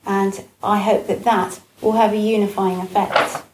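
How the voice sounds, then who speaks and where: A woman giving a Buddhist dharma talk, gentle and reflective, with frequent pauses and fillers. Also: medium pitch, level tone, background noise. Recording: echoey room with faint ambience.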